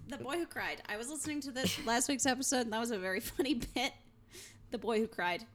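Bright, teasing woman on a podcast. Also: fairly high pitch, fast talker, slight background noise. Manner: teasing, argumentative, playful. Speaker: podcast co-host. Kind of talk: casual podcast chat.

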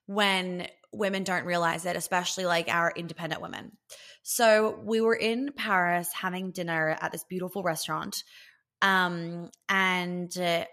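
With a lowish, slightly bright voice, this woman runs a podcast as a relationship coach. Her talk is casual and direct, loaded with swearing and a steady stream of "like."

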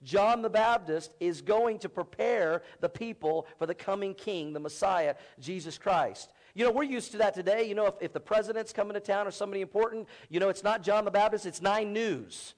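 Pastor, male, high voice, chatty sermon delivery with call-and-response to the congregation. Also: brisk, few pauses. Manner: conversational, asks congregation to call out answers.

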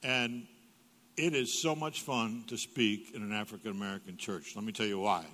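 In a reverberant church hall, an older man gives a humorous sermon as a guest speaker, his voice lowish, steady, bright and forceful at a normal pace. He tells stories and acts out dialogue with big jumps in pitch.

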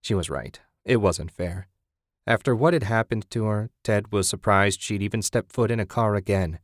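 A man narrating a novel in a steady, measured voice that sits on the low side. The recording is dry and close, with no room sound around him. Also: no room sound. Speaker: audiobook narrator. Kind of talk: scripted narration.

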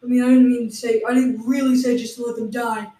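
A woman co-hosting an improvised comedy podcast, giving halting, matter-of-fact explanations. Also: a little high, level tone, mellow. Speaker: podcast co-host. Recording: roomy, distant mic.

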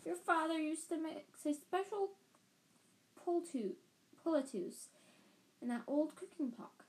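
A woman voicing an old peasant woman who pleads slowly in a raised voice for a sick grandchild. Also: high-pitched, expressive, voice pushed up, full character voice. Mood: pleading.

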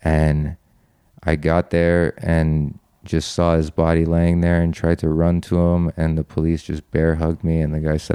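A man's voice: rumbling low, completely flat delivery, normal speed, warm tone, smooth, no room sound. A young man guest on a podcast, earnestly reflecting on his past in a personal story, with frequent ums and restarts.

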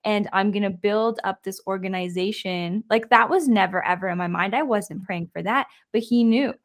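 Earnest young woman, mid-pitched voice. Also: moderate pace. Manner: earnest, faith-filled, many "like" fillers. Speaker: podcast guest, daughter. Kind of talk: reflective conversational sharing.

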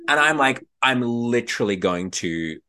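A man co-hosting a casual podcast, telling a story in an animated way, acting out quotes and laughing often. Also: mid-range voice, normal speed, smooth. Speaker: podcast co-host.

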